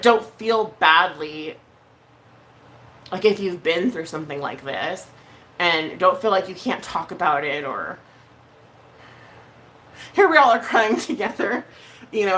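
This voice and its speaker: A woman with a bright, forceful voice talks to her live-stream viewers in a blunt, heated way. She swears freely and hesitates on fillers as she speaks. A faint noise sits behind her. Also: on the low side. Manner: emotional, hesitant with many fillers. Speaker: vlogger. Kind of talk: casual live-stream chat.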